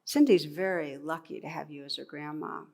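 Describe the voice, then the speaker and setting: A woman's voice: low-pitched, steady tone, normal speed, gravelly, a little mellow, voice pushed down. A woman voicing a polite male shopper who earnestly compliments a stranger, inside a spoken anecdote. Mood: admiring.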